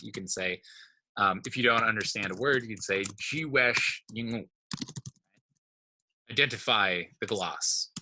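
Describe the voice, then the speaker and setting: A man's voice: on the low side, pushed and bright. A man teaching a language class, explaining step by step and often checking in with his students. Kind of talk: informal online class lesson.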